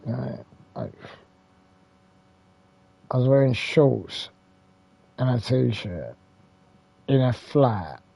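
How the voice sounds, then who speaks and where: A man's voice: medium pitch, animated, drawn-out words, gravelly, long pauses, dark tone, husky. A man with an English accent, hosting a retro gaming channel, rambling casually with mild swearing and lots of fillers and restarts.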